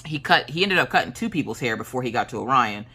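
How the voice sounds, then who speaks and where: A woman's voice: a bass voice, animated, fast talker, sharp tone, breathy edge. A woman in her late thirties from South Carolina, with a mixed Pennsylvania and Southern accent, telling a jokey story in a casual craft-along chat. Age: late 30s. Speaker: crafting vlogger.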